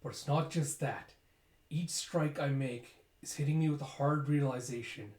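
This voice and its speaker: A man voicing a stern, resolute older male commander in a manga reading, with slow, measured delivery. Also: fairly high pitch, darkish tone, close to an everyday voice. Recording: roomy echo.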